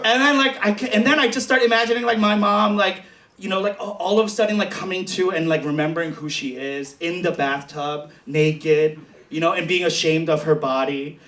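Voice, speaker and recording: Speaking a little fast in a high-pitched voice, this male comedian and show host delivers animated, bawdy, confessional stories in a stand-up set on a theater stage. The recording is distant and echoey, with the crowd laughing loudly.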